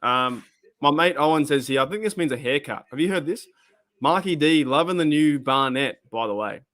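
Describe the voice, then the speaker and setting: A man with an Australian accent hosting a live-stream reaction, chatting casually in a rambling, animated way and swearing freely. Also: on the high side, normal speed. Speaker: host.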